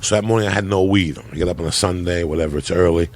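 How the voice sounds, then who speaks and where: A man who is a podcast guest, telling loud, profane stories in casual chat. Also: low voice, rapid-fire.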